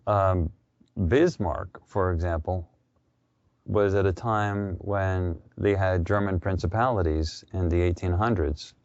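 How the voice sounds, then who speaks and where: A man's voice: low voice, steady tone, a little slow, darkish tone, dry recording, dull audio. A man talking as a radio interview guest, telling history in a loose, conversational storytelling way. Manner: conversational, storytelling with quoted voices.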